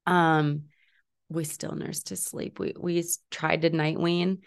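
A woman's voice: sits low, level tone, slow, clear, resonant tone. A woman in her thirties hosting a podcast alone, talking in a chatty, upbeat way with lots of fillers and acted-out asides. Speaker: podcast host. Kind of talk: casual solo podcast chat.

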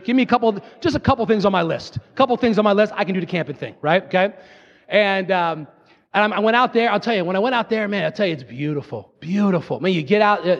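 A male pastor preaching a sermon in a church, driving his points home through repetition and easing into relaxed, joking asides. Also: sits high, big-room sound, highs cut off. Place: church sanctuary.

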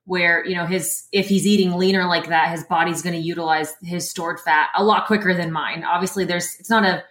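A woman with a fairly low voice chats as an interview guest, animated and quick to laugh. Her voice rings in an echoey room. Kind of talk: casual interview chat.

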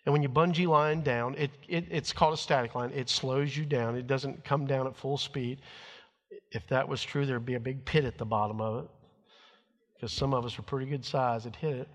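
A middle-aged pastor with a mid-range voice preaches to his church at a moderate pace, his intonation fairly even and a long reverb tail behind him. He tells a family story in a folksy way, acting out what people said.

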